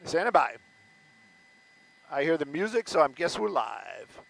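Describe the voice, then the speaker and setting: A man's voice: a little high, very animated, a little slow, creaky, a bit bright, poor audio. A man doing loose, rambling live commentary as a helicopter news reporter, often stopping and restarting mid-sentence. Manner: loose, rambling, self-interrupting. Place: news helicopter over a stadium.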